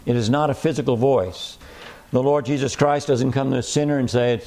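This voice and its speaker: Preacher, male, mellow tone, emphatic sermon delivery, slows for scripture. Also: medium pitch. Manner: emphatic, repeats key phrases, slows on scripture.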